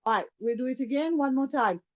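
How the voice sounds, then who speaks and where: A woman teaching a yoga class, calmly talking students through breathing and movements as she demonstrates. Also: sits high, fast talker, highs cut off. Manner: calm, step-by-step guiding, demonstrating while talking. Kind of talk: guided yoga class instruction.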